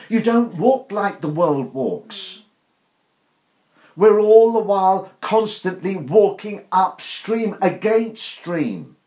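The older preacher's voice is high and a little mellow as he delivers an informal sermon to a small group. Earnest and emphatic, he asks rhetorical questions, and the room echoes noticeably.

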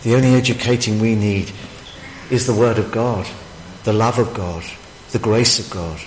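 A man's voice: on the low side, fairly even intonation, normal speed, darkish tone, slight background noise. A man preaching a sermon, emphatic and full of rhetorical questions. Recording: echoey hall, faint ambience.

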